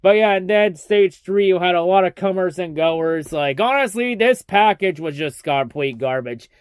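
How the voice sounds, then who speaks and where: Ranting high-voiced young man recapping races. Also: expressive, normal speed, clear, resonant tone, dry recording, studio quality. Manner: ranting, heavy swearing, mocking. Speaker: racing recap vlogger. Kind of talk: casual profane race recap.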